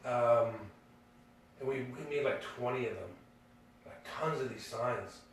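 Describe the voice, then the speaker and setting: A man's voice: medium pitch, measured pace. A man tells a story in a loose, rambling way, with many fillers and restarts. His voice sits in the middle of the male range. It is picked up from a distance in a room with strong echo and a faint hum. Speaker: podcast co-host. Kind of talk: casual storytelling. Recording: echoey room, distant mic.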